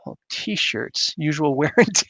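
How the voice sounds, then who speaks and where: Gravelly man chatting on a livestream. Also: on the high side, animated, slow, pushed and bright, no room sound. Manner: rambling, chuckling, reacting to chat comments. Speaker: livestream host reading chat. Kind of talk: casual livestream chat.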